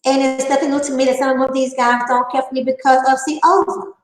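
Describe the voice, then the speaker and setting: A woman's voice: level tone, roomy sound, low-quality recording. A woman with a Southern twang, talking defiantly and emphatically to her viewers in a casual vlog. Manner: fast, high-pitched twangy talk, defiant and emphatic. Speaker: channel host.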